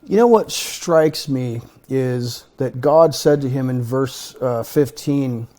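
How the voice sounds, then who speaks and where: A man's voice: medium pitch, slow, hardly any pauses, dark tone. A man leading a conversational Torah study, talking earnestly and thinking aloud. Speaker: Bible study teacher.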